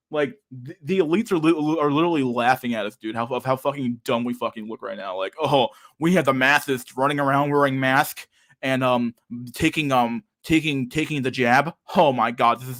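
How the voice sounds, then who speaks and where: Profane rambling male podcast host. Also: medium pitch. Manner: profane, rambling, says dude a lot, laughs often. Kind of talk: casual ranting chat.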